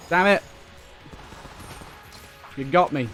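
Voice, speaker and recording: A young man giving excitable running commentary while playing a video game, talking back to enemies on screen. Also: fairly high pitch, slow, long pauses. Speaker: let's play host. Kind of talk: gameplay commentary. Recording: faint game music behind.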